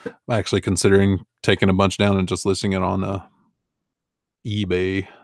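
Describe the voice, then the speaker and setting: Low, flat-voiced man in his forties. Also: a little fast, dry recording, clean studio sound. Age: 40s. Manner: easygoing and rambling, with fillers and chuckles. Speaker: online reseller answering viewer questions. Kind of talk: casual live Q&A chat.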